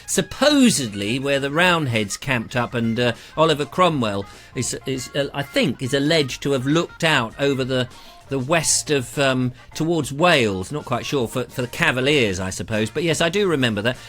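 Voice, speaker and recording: A man's voice: medium pitch, animated, normal speed, a bit bright, faint music behind. A middle-aged English man hosting a live online show, chatting casually and reading out viewer comments in a rambling, playful way.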